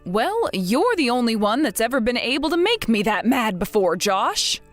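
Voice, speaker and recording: A woman's voice: a little high, big pitch swings, faint music behind. A woman playing a stern, blunt older mother. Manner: measured, firm, scolding. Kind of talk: scripted text-message drama reading.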